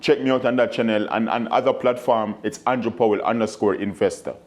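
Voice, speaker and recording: A man's voice: lowish voice, brisk. A man co-hosting a real estate video, explaining steps plainly and steadily. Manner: steady, explains step by step, frequent short agreements. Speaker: real estate investor and channel host. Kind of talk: casual co-hosted video talk.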